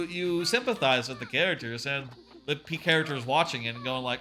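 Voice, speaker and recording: Talking fairly quickly in a mid-range voice, this man gives casual gameplay commentary while streaming, rambling, swearing, leaning on fillers, and animatedly quoting lines now and then. Faint music can be heard behind him.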